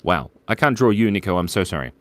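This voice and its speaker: Aussie guy chatting while he draws, kinda low voice but bouncy, reads chat names. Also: lively intonation, quick pace, fairly bright tone, dry recording. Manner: playful, rambling, reads chat names aloud. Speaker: stream host drawing live. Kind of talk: casual live-stream chat while drawing.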